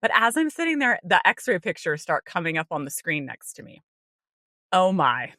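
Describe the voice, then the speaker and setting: Bright-voiced woman telling a story. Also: lowish voice, moderate pace, no echo, studio quality. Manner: animated, acts out her own inner voice; frequent light laughter and "like" fillers. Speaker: podcast co-host. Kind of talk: casual personal storytelling.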